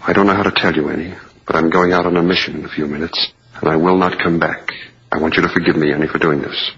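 A man's voice: very deep voice, steady tone, quick pace, a bit bright, heavily acted. An actor playing a young soldier son who is anguished and bitter at his father, in a 1940s film drama. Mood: grave. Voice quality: husky, impassioned. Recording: dull old film soundtrack.

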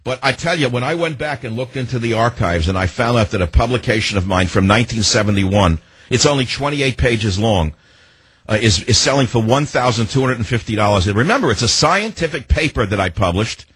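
An older man with a slightly husky voice hosts a call-in radio talk show. He rants with indignant emphasis and keeps throwing rhetorical questions at his listeners. The sound is dry and close. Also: medium pitch, lively intonation, a little fast, fairly bright tone, dry recording.

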